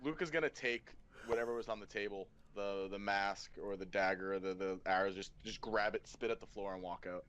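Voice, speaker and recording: A man's voice: on the low side, a little fast, few pauses, fairly bright tone, clear, resonant tone, dull audio. Give me a casual male player. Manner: loose, filler-heavy. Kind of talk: casual tabletop game chat.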